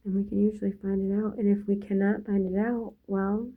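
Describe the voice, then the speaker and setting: A woman's voice: mid-range voice, level tone, brisk, narrow, tinny audio. A woman talking in a loose, free-associating spiritual monologue, drifting from thought to thought.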